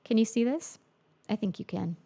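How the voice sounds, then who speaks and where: Woman producer, casual stream talk, gravelly and dark in tone. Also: fairly high pitch, lively intonation, moderate pace. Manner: chatty, thinks aloud, reads viewer comments. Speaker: music producer livestreaming. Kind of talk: casual livestream chat while producing. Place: home music studio.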